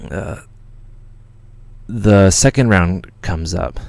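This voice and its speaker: A Canadian man hosting a livestream, telling a story in an excited, rambling way with lots of swearing and restarts. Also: sits low, drawn-out words, gravelly, no room sound. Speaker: channel host.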